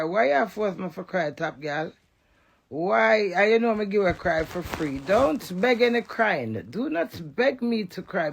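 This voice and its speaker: A woman's voice: mid-range voice, lively intonation, normal speed, gravelly, a little hiss or hum. A Jamaican woman in a defiant, emotional live rant, cursing and repeating phrases in a chant.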